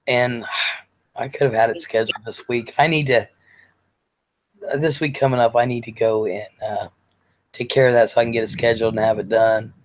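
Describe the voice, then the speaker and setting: A man's voice: mid-range voice, fairly even intonation, normal speed, long pauses, lo-fi sound, a little hiss or hum. Man casually rambling and reading out comments. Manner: rambling, reads viewer comments aloud, sighs and jokes. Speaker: show host. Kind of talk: casual live-stream chat.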